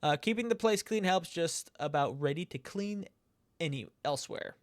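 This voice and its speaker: Chatty gamer guy, slightly high voice. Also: lively intonation, moderate pace, no room sound. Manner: chatty, reacts aloud with laughs and swearing. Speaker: let's play gamer. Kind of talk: gameplay commentary, reading chat messages aloud.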